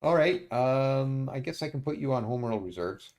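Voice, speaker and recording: A man streaming a strategy game, muttering his moves to himself and often pausing with uhs. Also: medium pitch, lively intonation, darkish tone, slight background noise. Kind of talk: casual let's-play commentary.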